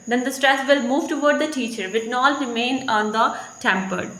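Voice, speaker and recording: A woman's voice: sits high, normal speed, hardly any pauses, fairly bright tone. A woman teacher with an Indian English accent explaining a lesson step by step, repeating her examples. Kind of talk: recorded lecture. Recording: echoey room.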